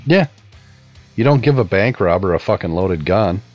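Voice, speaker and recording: A man's voice: sits low, expressive, moderate pace. A man co-hosting a casual podcast who swears a lot and jokes sarcastically. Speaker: podcast co-host. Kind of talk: casual chat with a soundboard. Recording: dull lo-fi sound with faint music.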